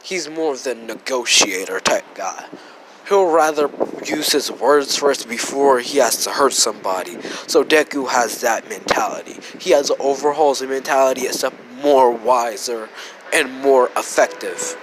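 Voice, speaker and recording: A man's voice: medium pitch, normal speed. A man with a sick voice casually narrating a fan story, rambling and correcting himself. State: sick, rough voice. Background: faint background noise.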